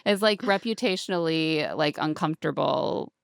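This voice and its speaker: Low, gravelly woman recapping casually. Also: moderate pace, no echo, studio quality. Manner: chatty, acts out quotes with shifting voices. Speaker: podcast co-host.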